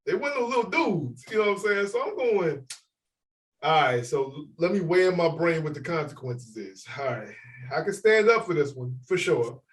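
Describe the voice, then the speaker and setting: A man with a somewhat high voice spins a story in casual podcast chat, animated and full of swearing. He acts out the other people's lines as he goes. He sits a little away from the microphone. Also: moderate pace, distant mic, poor audio. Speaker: podcast co-host.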